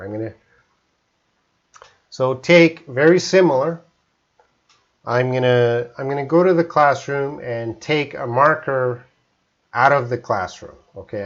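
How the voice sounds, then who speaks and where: A man's voice: medium pitch, lo-fi sound. Canadian man teaching English on a stream. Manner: relaxed, explaining slowly with simple examples. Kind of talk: live-stream English lesson.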